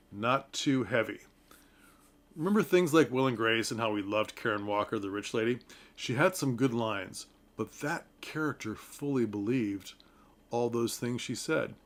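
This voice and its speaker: Chatty male theater reviewer. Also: medium pitch. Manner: chatty, enthusiastic, with frequent ums and asides to viewers. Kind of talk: casual talk-to-camera review.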